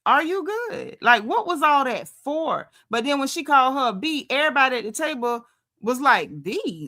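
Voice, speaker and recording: Sassy, bright-voiced woman recapping reality TV. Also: sits high, normal speed. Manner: sassy, animated, acts out quotes. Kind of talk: casual recap commentary.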